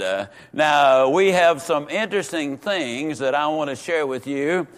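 A man teaching a Sunday school lesson in a folksy, emphatic way, slowing down and repeating words for stress. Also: on the high side, lively intonation, a bit bright.

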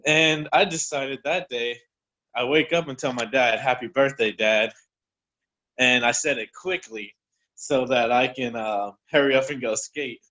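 A man's voice: mid-range voice, a little slow, bright, forceful tone, rough recording. A man telling a personal story casually on a group call, a little out of breath, rambling and correcting himself as he goes. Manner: loose, rambling, self-correcting.

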